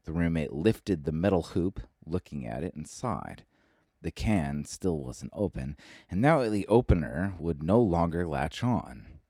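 A man hosting a podcast, reading a scripted story in a measured, steady way on a close mic. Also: low voice, breathy edge, no echo. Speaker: podcast host.

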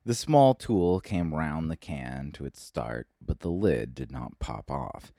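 A man hosting a podcast, reading a scripted story in a measured, steady way on a close mic. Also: rumbling low, gravelly, dry recording. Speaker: podcast host.

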